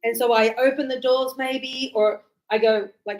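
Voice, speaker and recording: A middle-aged woman teaching English, explaining lively and acting out little dialogues. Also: on the high side, normal speed, hardly any pauses. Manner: animated, acts out little dialogues.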